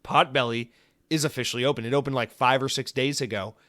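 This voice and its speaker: A male podcast host talks alone in a loose, chatty monologue that drifts into silly asides. His pitch sits at a medium height for a man, and his delivery stays easygoing and conversational. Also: steady tone, fast, a bit bright. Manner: rambling, jokey, full of comic tangents. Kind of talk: casual solo podcast monologue.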